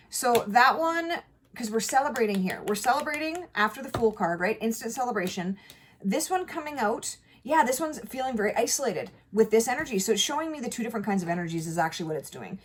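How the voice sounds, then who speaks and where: A woman's voice: medium pitch, a little hiss or hum. Chatty woman giving a tarot reading. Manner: animated, emphatic, chatty with occasional swearing. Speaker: tarot reader. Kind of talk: casual tarot reading to camera.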